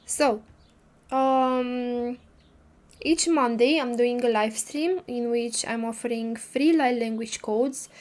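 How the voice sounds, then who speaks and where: A woman's voice: on the high side, slow pace, darkish tone. A woman hosting a casual livestream, talking hesitantly with many fillers and restarts while recovering from a cold. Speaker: livestream host. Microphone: streaming microphone.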